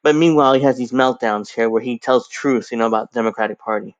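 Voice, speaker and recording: A man's voice: mid-range voice, quick pace, no echo, highs cut off. A man giving casual, rambling reaction commentary on a clip, with frequent restarts. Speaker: video commentator.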